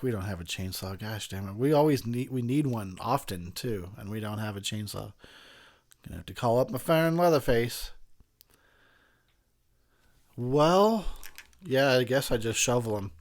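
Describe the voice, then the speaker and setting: Drunk guy, film commentary host, rambling and profane, laughing a lot, mid-pitched. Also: expressive, measured pace, pauses often, a little mellow.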